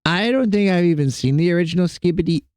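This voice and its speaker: A man's voice: high voice, quick pace, darkish tone, no echo. A young man streaming from his computer desk at home, rambling and joking with his chat and talking to his cats. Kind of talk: casual live-stream chat.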